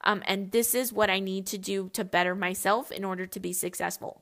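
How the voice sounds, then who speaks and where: A woman's voice: mid-range voice, a little fast, hardly any pauses, a bit bright. A young woman hosting a podcast, giving a casual motivational talk in a blunt, emphatic way and swearing freely. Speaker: podcast host.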